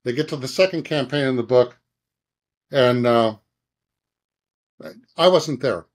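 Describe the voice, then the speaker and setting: Speaking a little slowly in a mid-range voice, a middle-aged man who works as an advertising creative director tells an anecdote as a conversation guest. He's animated, impersonating others and performing sound effects throughout.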